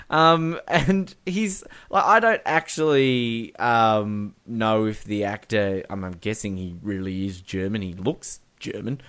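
A man's voice: lowish voice, takes it slowly, fairly bright tone. A man co-hosting a film podcast, chatting casually and enthusiastically with frequent fillers, restarts and playful impressions. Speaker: podcast co-host.

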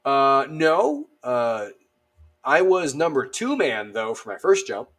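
Animated male army veteran telling stories. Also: mid-range voice, slow. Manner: animated, acts out dialogue, lots of fillers. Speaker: podcast guest, army veteran. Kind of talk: casual storytelling.

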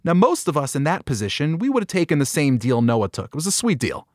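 A man hosting a podcast, telling a Bible story in an animated way and acting out the quoted lines. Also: a little high, quick pace, no room sound, clean studio sound. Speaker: podcast host. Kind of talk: storytelling talk on a Bible passage.

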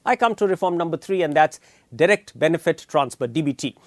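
A middle-aged man with an Indian English accent hosting an opinionated news commentary, emphatic and deliberate, with frequent filler pauses. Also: on the high side, lively intonation, dry recording, studio quality. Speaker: commentary show host.

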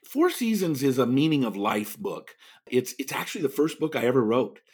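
A man's voice: medium pitch, sing-song, normal speed, a little mellow, slightly rough. A middle-aged man, an author and speaker, telling stories in an earnest tone with frequent chuckles during a podcast interview. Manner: earnest, chuckles often mid-sentence.

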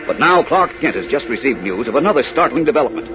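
A male announcer delivering dramatic, measured 1940s radio narration. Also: medium pitch, big pitch swings. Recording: lo-fi old radio with music.

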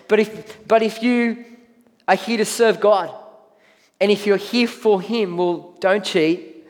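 Conversational pastor preaching in a reverberant hall. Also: male voice, high-pitched, steady tone, measured pace. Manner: conversational preaching with acted-out inner voices. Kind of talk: sermon. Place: church hall.

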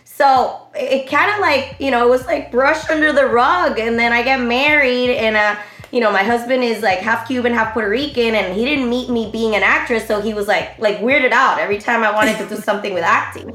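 Woman in her 30s chatting in an interview, rambly with lots of likes, kinda high voice, echoey room. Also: a little fast. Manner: animated, rambling, many fillers. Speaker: interview guest, online comedy creator. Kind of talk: casual interview chat. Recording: roomy echo.

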